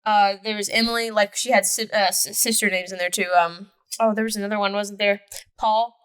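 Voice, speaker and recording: A woman in her twenties co-hosting a podcast, chatting casually, laughing often and chiming in with quick agreement. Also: medium pitch, steady tone, clear, resonant tone. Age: 20s. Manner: laughs often, chimes in with short agreeing interjections. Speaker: podcast co-host. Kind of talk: casual chat.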